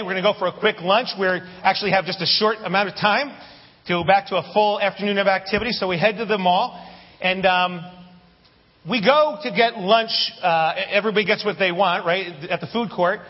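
A pastor with a high, husky voice tells a lively story from the pulpit, tossing jokes to the congregation. He sounds a little muffled, and a long reverb trails his words through the hall. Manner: animated, anecdotal with humorous asides to the congregation. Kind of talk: sermon storytelling.

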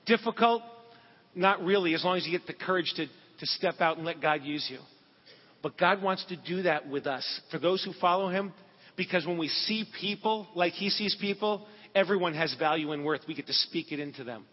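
A man's voice: sits high, normal speed. A man preaching a sermon, telling a personal story in an earnest, conversational way with asides to the congregation. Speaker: pastor. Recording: dull recording in a large reverberant hall.

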